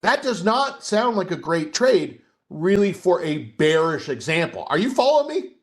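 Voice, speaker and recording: A man's voice: sits high, very animated, moderate pace. A man coaching a live trading webcast, explaining in a conversational way and often checking in with his audience. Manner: conversational, asks the audience questions and checks in with "okay?".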